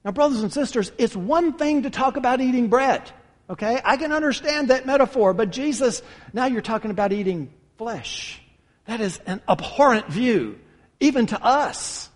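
Preacher, male, high voice, emphatic sermon delivery, reverberant hall sound. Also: expressive, normal speed. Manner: emphatic, addresses listeners as brothers and sisters.

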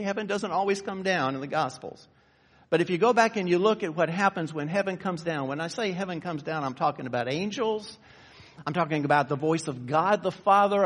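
A man with a high, light voice preaches a sermon. He swings from fervent, raised passages down to low, quiet asides. The sound carries a long reverb, as in a large hall.

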